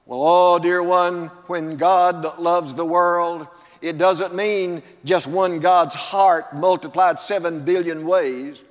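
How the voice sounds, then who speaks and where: Older male preacher, raised pitch, emphatic slow stresses, long church reverb. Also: fairly even intonation. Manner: preaching with rising emphasis, drawn-out words. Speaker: pastor. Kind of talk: sermon. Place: church sanctuary.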